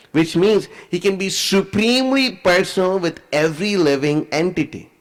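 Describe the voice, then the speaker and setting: A man with a fairly high voice, teaching a scripture class in an animated, chatty way. He retells the story loosely and keeps dropping in "you know." It sounds like casual, devoted storytelling. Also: rough recording. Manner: animated, conversational, many fillers. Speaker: preacher.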